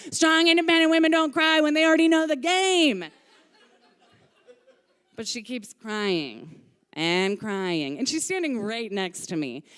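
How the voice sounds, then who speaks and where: Woman, live storyteller, stage mic, clear resonant voice, mid pitch, frank, lively, swears. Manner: candid, lively, swears casually. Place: stage of a live music venue.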